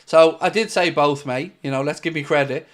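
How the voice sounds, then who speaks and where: A man's voice: fairly high pitch, normal speed. An Irish man hosting a football watchalong stream, chatting casually and reading out viewer comments. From Ireland. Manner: chatty and jokey, calls viewers mate.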